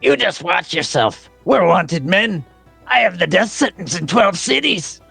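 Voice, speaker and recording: A man's voice: sits high, big pitch swings, unhurried, creaky, bright, forceful tone, breathy edge, faint music behind, voice pushed up, heavily acted. A man doing a grimy, menacing outlaw. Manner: threatening, curt. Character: grimy male ruffian, wanted outlaw, menacing.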